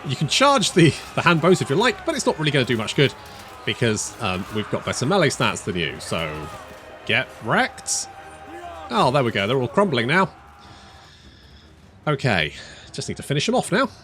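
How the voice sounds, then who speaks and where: Lively man commenting on a strategy game. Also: mid-range voice, brisk, faint music behind. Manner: thinks aloud, restarts phrases, casual swearing. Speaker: strategy game let's player. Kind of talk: casual gameplay commentary.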